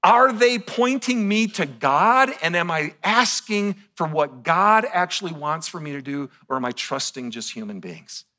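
Male pastor, sermon delivery, bright tone, lively swings from hushed to excited. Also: on the high side, a little slow, few pauses. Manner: animated, swings from soft and hushed to loud and excited.

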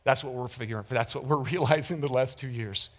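A man preaching a sermon as pastor, candid and conversational, swinging from loud emphatic peaks to hushed moments. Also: mid-range voice, fairly quick.

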